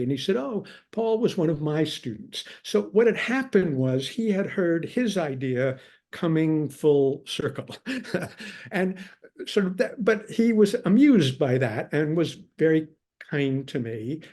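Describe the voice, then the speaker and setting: A man's voice: on the high side, unhurried. An older man, a scholar being interviewed, telling long wry stories about his past and acting out what others said. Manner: wry anecdotal storyteller, quotes others in lively tones. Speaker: guest scholar. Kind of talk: relaxed storytelling in conversation.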